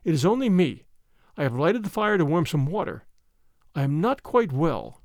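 A man's voice: fairly high pitch, big pitch swings, moderate pace, no echo, clean studio sound. A man reading an audiobook voices a scheming stepmother whose sweetness hides something wicked. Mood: falsely tender. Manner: falsely sweet, then sharp. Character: sly scheming stepmother, soft-spoken, secretly wicked. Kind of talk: audiobook character voice.

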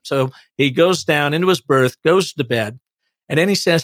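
A man, an author guest on an interview, telling a long anecdote in a lively conversational way. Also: mid-range voice, fairly quick, no echo, clean studio sound. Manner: animated anecdotal storyteller. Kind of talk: conversational storytelling.

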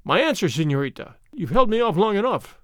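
A man's voice: sits high, big pitch swings, fairly quick, a bit bright, no echo. Arrogant bullying army captain, read by a man, sneering, mocking, storybook, dry sound. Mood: domineering.

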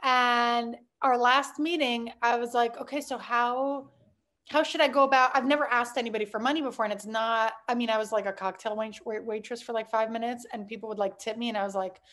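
A woman with a high voice speaks as a guest in a relaxed interview. She is chatty and animated in her wording, peppering her talk with fillers and quick laughs. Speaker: startup founder, guest.

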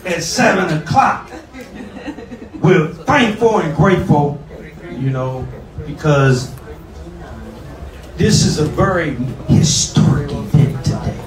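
A man hosting an evening event at a bookstore, welcoming the crowd in an informal, hype-building and rambling way. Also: on the high side. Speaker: bookstore host. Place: bookstore event space in a mall. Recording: roomy sound from a distant mic.

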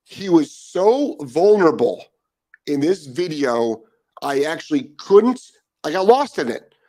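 A middle-aged man with a slightly high voice, hosting his own live dog training show. He rants with heavy profanity, repeats himself for emphasis, and then turns to chatting casually with his viewers. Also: measured pace. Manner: emphatic, profane, repetitive ranting; calmer chatty greeting of commenters. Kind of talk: ranting live stream monologue.

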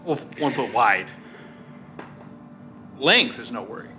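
A man playing a tabletop game, tossing off quick joking asides. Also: mid-range voice, sing-song, over music. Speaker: player. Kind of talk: casual tabletop banter.

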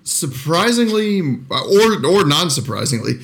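A man's voice: on the high side, big pitch swings, measured pace, vocal fry, a bit bright. A man co-hosting a podcast, making goofy, crude jokes in casual chat about a movie. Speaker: podcast co-host.

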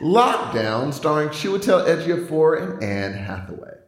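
A man's voice: fairly high pitch, sing-song, unhurried, echoey room, a little hiss or hum, low-quality recording. A man co-hosting a podcast, talking animatedly and laughing as he gives his movie picks. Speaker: podcast co-host. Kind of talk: casual movie-awards chat.

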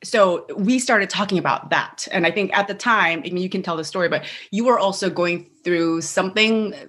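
A woman's voice: on the low side, moderate pace, a bit bright. A woman guest on a podcast, speaking casually and reflectively with many "like" and "you know" fillers.

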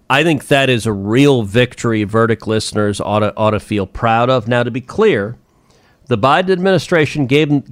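In a dry recording, a man with a medium-pitched voice, a senator hosting a political podcast, speaks emphatically and indignantly. He repeats phrases to drive his points home.

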